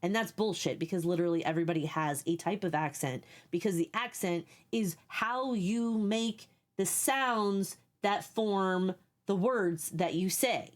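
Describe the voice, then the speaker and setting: A woman's voice: mid-range voice, measured pace. A young woman streaming live, chatting casually with her viewers and explaining things at length while she reads their messages.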